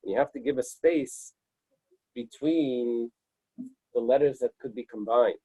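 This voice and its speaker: A man leading a Talmud study class, reading Aramaic passages and explaining them in English with halting restarts. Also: mid-range voice, warm tone, slightly rough, no echo, low-quality recording.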